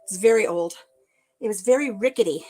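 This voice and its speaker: A woman's voice: medium pitch, brisk, mellow, poor audio. A woman vlogger chatting casually to her live viewers while she tidies a craft room. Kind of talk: casual live-stream chat.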